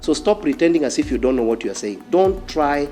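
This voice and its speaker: A man's voice: fairly high pitch, expressive, fairly quick, warm tone, faint music behind. A man with a Kenyan accent preaching a fiery sermon, repeating phrases and challenging his listeners directly. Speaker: pastor.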